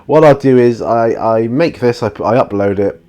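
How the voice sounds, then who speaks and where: A man's voice: medium pitch, normal speed, a little mellow. A man hosting his own channel, answering viewer questions in a casual, rambling monologue with plenty of ums and restarts. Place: outdoors near his studio.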